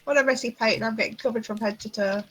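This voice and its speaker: A woman co-hosting a game stream, teasing her partner in relaxed banter and reading out chat messages. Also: on the high side, fast talker. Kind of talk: casual live gameplay chat.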